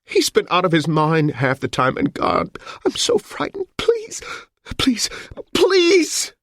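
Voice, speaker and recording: A man's voice: mid-range voice, big pitch swings, moderate pace, a little mellow, husky, no room sound, studio quality, pitched above the performer's own voice. A man voicing a frightened young woman taken hostage in an audiobook. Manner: pleading, fearful. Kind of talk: audiobook character voice.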